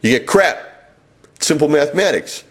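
A man playing a scornful nagging father, sarcastic hectoring rant, husky voice, spoken storytelling. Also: on the high side, animated, normal speed, a bit bright. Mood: mocking.

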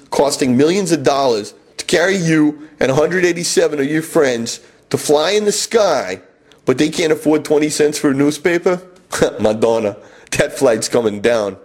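A man's voice: on the high side, darkish tone. A man voicing his own father as a sarcastic, hectoring older man who rants. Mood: gloating. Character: narrator's scornful father, a man of the older generation, nagging.

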